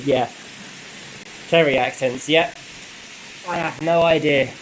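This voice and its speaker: A man hosting a casual live stream, chatting in a relaxed way and answering viewer comments with frequent light laughs. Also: fairly high pitch, takes it slowly, a little hiss or hum, rough recording. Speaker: model railway channel host.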